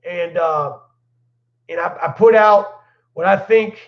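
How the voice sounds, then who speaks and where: A man's voice: high voice, slow pace. A man hosting his own channel, telling stories casually in slang-heavy talk and laughing as he goes. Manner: laid-back slang-heavy storyteller, laughs while telling. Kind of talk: casual livestream storytelling. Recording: echoey room, dull lo-fi sound.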